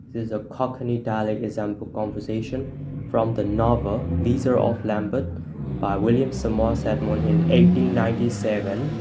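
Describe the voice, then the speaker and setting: A man giving a class presentation, hesitant and full of fillers, slowly reading out example lines. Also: fairly low pitch. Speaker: student presenter. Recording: noisy background.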